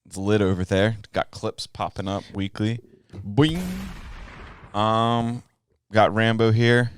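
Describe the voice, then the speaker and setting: A man's voice: on the low side, fairly even intonation, takes it slowly, slight background noise. A man co-hosting a podcast, chatting casually in a joking, rambling way. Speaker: podcast co-host. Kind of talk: casual chat.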